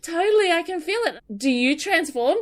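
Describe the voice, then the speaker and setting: A woman's voice: very high voice, lively intonation, moderate pace. A woman hosting an interview, asking chatty, playful questions. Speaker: radio host. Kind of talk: casual interview chat.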